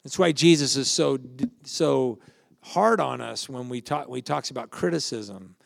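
A man's voice: medium pitch, unhurried, creaky, dry recording, studio quality. An older man, a pastor, giving a conversational sermon with family anecdotes and questions to the congregation.

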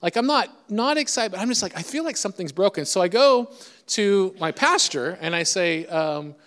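A middle-aged preacher spins a personal story with a chatty, self-deprecating humor, his voice sitting a bit high for a man. The sound rings with a long hall reverb. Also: expressive, normal speed, fairly bright tone. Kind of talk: storytelling sermon.

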